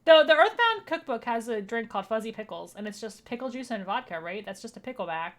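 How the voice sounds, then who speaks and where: A woman's voice: on the high side, lively intonation, quick pace. A woman streaming a game, giving playful, jokey casual commentary and reading the game's lines aloud. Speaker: vtuber streamer. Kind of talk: casual let's-play commentary. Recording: game music playing clearly behind.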